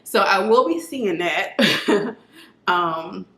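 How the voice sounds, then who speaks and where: Female vlogger, mid-pitched, casual and earnest, self-filmed with a camera mic in a roomy, echoey room. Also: animated, extremely slow, fairly bright tone. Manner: chatty, filler-heavy, earnest. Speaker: film review vlogger. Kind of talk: casual movie review chat.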